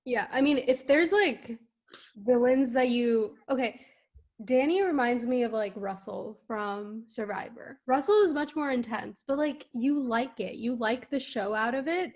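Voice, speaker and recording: High-voiced chatty young woman. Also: expressive, measured pace. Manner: chatty, frequent "like" fillers. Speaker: guest. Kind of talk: casual chat.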